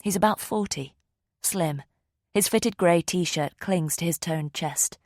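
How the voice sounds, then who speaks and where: Low-voiced woman reading a thriller. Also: slow, darkish tone, dry recording, studio quality. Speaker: audiobook narrator. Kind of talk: scripted narration.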